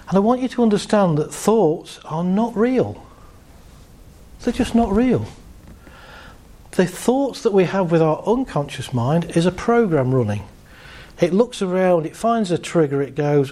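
High-voiced man coaching a group exercise. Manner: calm, coaching, laughs lightly between points. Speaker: therapist. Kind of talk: guiding a group through a visualization exercise.

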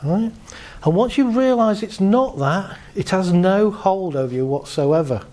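A man working as a therapist, calmly guiding a group through a visualization exercise and laughing lightly between points. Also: high voice, unhurried.

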